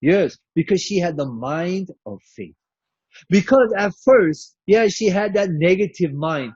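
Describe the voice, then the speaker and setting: A high-pitched man delivering a preachy, inspirational keynote, emphatic and drawn out. His voice sounds dry and close, on a dull, lo-fi recording. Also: expressive, measured pace, a little mellow, slightly rough, dry recording. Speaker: keynote speaker.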